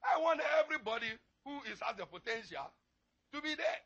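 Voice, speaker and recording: A male pastor preaching a sermon, swinging from low, quiet murmurs to crying, shouted pleas. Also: sing-song, brisk, lo-fi sound, noisy background.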